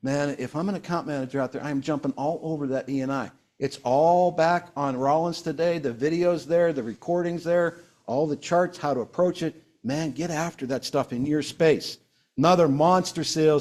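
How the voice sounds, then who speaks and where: A man in his sixties, hosting a casual company sales broadcast, talking in animated, quick storytelling bursts. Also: mid-range voice.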